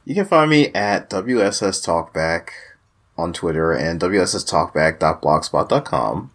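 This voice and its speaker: Casting: low, husky male podcast co-host, lively and easygoing. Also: measured pace. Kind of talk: casual chat.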